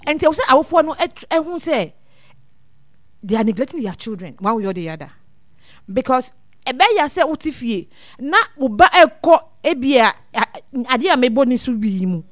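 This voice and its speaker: Guest expert, woman, high voice, dry close sound, earnest and repetitive. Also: sing-song, moderate pace, no room sound. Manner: earnest, repeats words as she thinks. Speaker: guest speaker on child welfare. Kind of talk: casual advice talk mixing two languages.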